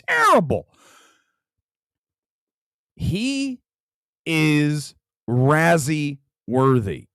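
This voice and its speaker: A man's voice: fairly high pitch, dry recording. A man hosting a live late-night movie talk show from home, ranting furiously and emphatically. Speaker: film critic host.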